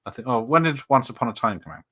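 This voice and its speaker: Bright-toned, giggly man hosting. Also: medium pitch, big pitch swings, fast talker, husky. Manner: giggly, frequent laughter, swears. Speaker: watch-party host. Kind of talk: casual watch-party chat.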